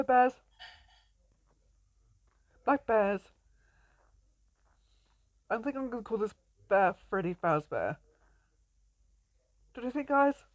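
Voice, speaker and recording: A woman's voice: fairly high pitch, no echo, lo-fi sound. Chatty young woman playing a game. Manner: chatty and playful, often laughing and greeting animals. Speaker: gameplay commentator. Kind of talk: casual let's-play commentary.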